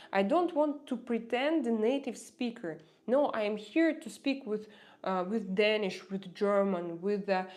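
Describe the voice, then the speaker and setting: A woman with a Russian accent, a non-native English speaker, chatting casually with viewers on her livestream, often pausing and restarting as she searches for words. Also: mid-range voice, a little mellow. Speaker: livestream host.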